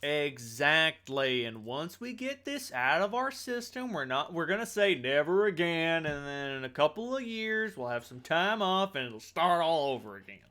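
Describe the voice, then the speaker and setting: A man's voice: on the high side, sing-song, moderate pace, hardly any pauses, sharp tone. A man leads a tabletop game, talking in character with a folksy drawl. His delivery is blunt and easygoing. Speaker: game master voicing a character. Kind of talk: in-character tabletop role-play.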